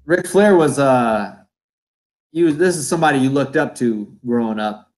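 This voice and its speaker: A man's voice: medium pitch, expressive, normal speed, poor audio. A man hosting a podcast, asking questions in hesitant casual chat with many fillers. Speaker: podcast host.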